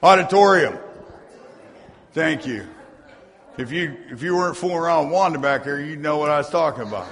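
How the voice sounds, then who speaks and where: Gravelly high-voiced preacher in a reverberant church. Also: male voice, expressive, a bit bright. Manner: preaching with rising fervor, reading scripture aloud, quick asides to the congregation. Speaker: pastor. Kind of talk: sermon. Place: church sanctuary. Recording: long hall reverb.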